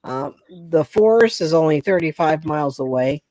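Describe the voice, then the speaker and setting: A woman's voice: sits low, expressive, mellow, no echo. A woman in her sixties from Pennsylvania, chatting emphatically as host of a casual live talk. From Pennsylvania, USA. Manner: chatty, emphatic, quick to laugh along. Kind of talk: casual chat.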